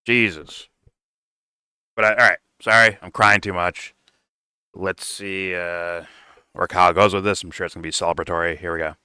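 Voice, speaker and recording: A man's voice: low-pitched, steady tone, normal speed, pauses often, bright, forceful tone, smooth, dry recording, clean studio sound. A man doing casual reaction commentary, blunt and profane, rambling and restarting his sentences. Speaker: reaction streamer.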